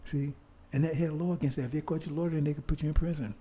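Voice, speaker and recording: Rapid-fire and fairly high-pitched, an older man's warm voice stays fairly even in intonation as he gives a fiery street-style history lecture. He pounds on repeated rhetorical questions and occasionally swears.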